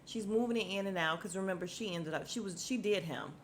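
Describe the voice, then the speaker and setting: A woman's voice: medium pitch, a little fast, a little hiss or hum. A woman hosting a podcast, recapping a TV episode in a casual, slangy way, acting out the characters' lines and laughing often.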